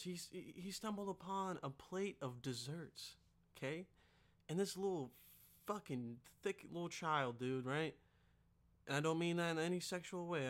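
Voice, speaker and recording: A man hosting a podcast, doing a rowdy, profane comedic ad read with sudden loud outbursts. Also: on the high side. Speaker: podcast host.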